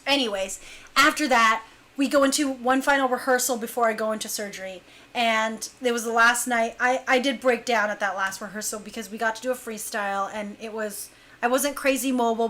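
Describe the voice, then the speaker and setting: High-voiced woman telling a lively story. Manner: animated, laughs often, acts out quotes. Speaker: dance crew leader telling a story. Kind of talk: casual storytelling chat.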